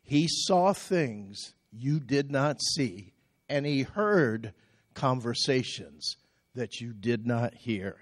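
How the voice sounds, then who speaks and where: A man's voice: mid-range voice, animated, slow pace, dry recording, studio quality. A male pastor preaching a sermon emphatically, stressing single words and drawing out his phrases.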